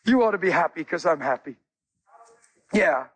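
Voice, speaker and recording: A man preaching a sermon as a guest speaker, animated, telling stories with acted-out dialogue. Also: fairly high pitch, normal speed, husky.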